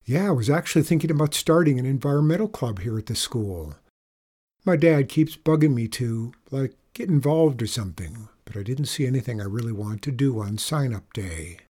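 A man's voice: medium pitch, lively intonation, normal speed, dark tone, husky. A man playing a goofy, friendly schoolboy. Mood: eager. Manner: easygoing, eager.

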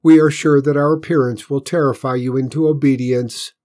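Cold, superior alien scouts, as a man reading a storybook puts them on, speaking higher and louder than the narrator. Every sentence comes out stiff and formal. The tone is condescending throughout. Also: fairly even intonation, fairly quick, natural voice. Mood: haughty.

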